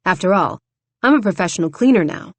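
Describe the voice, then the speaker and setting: A woman voicing a playful, teasing young man who is the romantic lead, speaking low-key and calm. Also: fast talker, no room sound.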